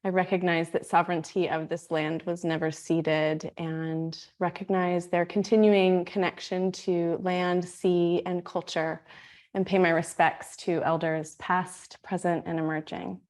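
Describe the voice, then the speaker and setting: A woman leads a guided meditation with a calm, soothing delivery. Her voice sits fairly low and she takes her time, leaving words room to settle. The tone stays gently inviting throughout. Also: a little slow. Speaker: meditation teacher. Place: Australia.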